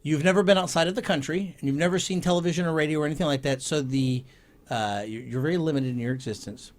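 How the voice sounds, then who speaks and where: A man hosting a comedy talk show, teasing guests and running silly games with quick laughs. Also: on the high side. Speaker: show host. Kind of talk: playful game-show banter.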